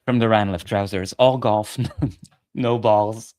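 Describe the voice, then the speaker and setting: A man's voice: lowish voice, steady tone, slow pace, darkish tone, clear, resonant tone. Profane sarcastic male commentator. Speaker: political commentator. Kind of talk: ranting political commentary.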